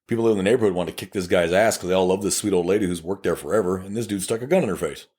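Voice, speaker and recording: Speaking rapid-fire in a low, husky voice, this man is a police investigator co-hosting a laid-back podcast. He's a lively storyteller who performs the quoted dialogue from his cases, staying blunt and plain-spoken with the odd curse word.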